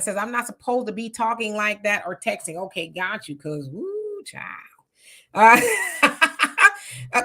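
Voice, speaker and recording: A woman hosting a casual live stream, reading viewer comments aloud and answering them in an animated, talkative way. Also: medium pitch. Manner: animated, talks back to comments.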